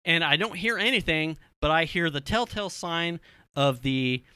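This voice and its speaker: A man's voice: fairly high pitch, moderate pace, clean tone, no echo, studio quality. A man in his thirties telling a family story on a casual podcast, swearing freely and acting out what people said. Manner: animated, swearing storyteller who acts out quotes. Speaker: podcast co-host.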